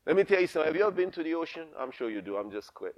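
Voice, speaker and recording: A man's voice: on the high side, sing-song, rapid-fire, dull audio. A middle-aged man preaching a sermon, fervent and repetitive, calling the congregation to respond.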